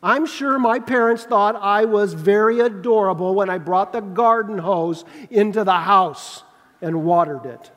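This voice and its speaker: A middle-aged man preaching a sermon as pastor, conversational and humorous, with lively asides. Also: high voice, measured pace. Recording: long reverb of a large hall.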